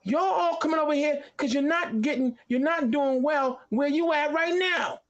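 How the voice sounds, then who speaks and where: A man arguing on a talk show, combative, firing off rapid questions. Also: very high voice, fairly bright tone, lo-fi sound. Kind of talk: heated talk-show debate.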